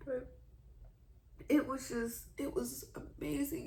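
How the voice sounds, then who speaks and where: A woman's voice: fairly high pitch, steady tone, normal speed, vocal fry, darkish tone. A twenty-one-year-old woman giving a heartfelt faith testimony, earnest and emotional, tearful at times. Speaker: vlogger sharing a faith testimony.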